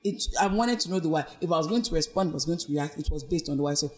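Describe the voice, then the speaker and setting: A woman as a podcast guest, telling her personal story in an earnest, reflective way and animatedly acting out what others said. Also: very fast. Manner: animated, acts out quoted speech with big pitch swings.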